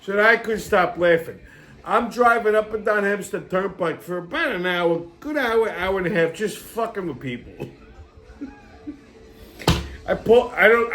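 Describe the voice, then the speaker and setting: A man's voice: high-pitched, fairly bright tone. A middle-aged man, hosting a show and telling a rambling, profane anecdote while laughing often. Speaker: podcast host. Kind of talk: casual storytelling monologue.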